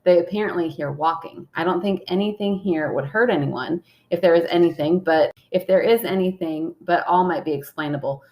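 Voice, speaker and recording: A woman's voice: on the low side, brisk, hardly any pauses, warm tone. A young woman co-hosting a podcast, chatting casually and reading listener messages aloud, laughing often. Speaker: podcast co-host.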